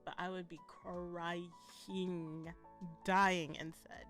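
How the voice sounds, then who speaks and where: A woman's voice: fairly low pitch, drawn-out words, faint music behind. Blunt, profane woman ranting casually. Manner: blunt, profane, animated, laughs often. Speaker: vlogger reviewing a documentary.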